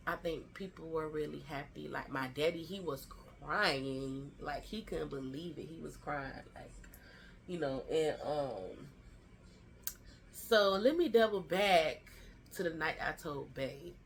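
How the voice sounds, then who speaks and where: Woman vlogger, 30s, lower register; lively, chatty storyteller. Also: slow, slight background noise. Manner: animated storytelling, acts out quoted family lines; chatty and slangy, fillers like "child" and "y'all". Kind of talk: storytime vlog.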